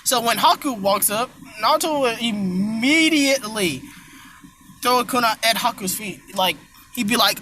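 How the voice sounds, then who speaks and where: Rambling casual fan storyteller with a lively pitch. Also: normal speed, slight background noise, rough recording. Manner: rambling, self-correcting, swears casually.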